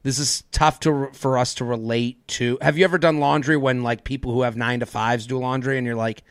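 A man hosting a casual comedy podcast, telling stories in a joking, animated way. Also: mid-range voice, no room sound, clean studio sound. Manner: joking, animated storytelling with quick laughs. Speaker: podcast host.

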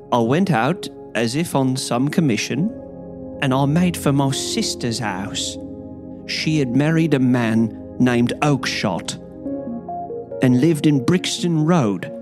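Man voicing a cringing young thief, crackling voice, wide pitch swings, drawn-out pleading, music in the background. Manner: begging, high-strung, voice leaping upward. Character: cringing young male hotel thief, panicked. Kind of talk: audiobook character voice.

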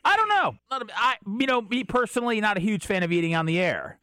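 A man's voice: high-pitched, quick pace, a bit bright, smooth, no echo, clean studio sound. A man co-hosting a podcast, teasing his partner in casual banter and swearing freely. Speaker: podcast co-host.

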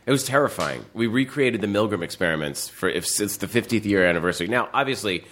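A man's voice: on the low side, fast talker. A man chatting casually, telling a story animatedly and acting out the people in it. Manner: animated storytelling with acted-out quotes. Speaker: podcast guest. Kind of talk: casual chat.

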